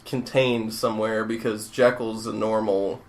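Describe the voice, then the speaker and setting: A man's voice: on the low side, little pitch movement, unhurried. A man co-hosting a podcast, talking in a rambling, enthusiastic way with casual swearing. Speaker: podcast co-host. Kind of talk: casual chat.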